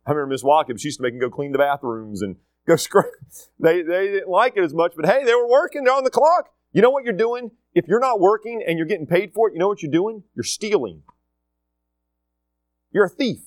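A man's voice: sits high, expressive, fairly quick, no echo. A middle-aged man gives a casual, emphatic talk to students, repeating his key points. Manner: emphatic, repeats key phrases, acts out quotes. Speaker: school leader addressing students.

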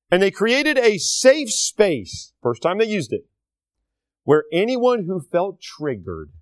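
Animated, indignant male preacher. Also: a little high, no room sound. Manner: animated, indignant, sarcastic asides. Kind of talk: sermon.

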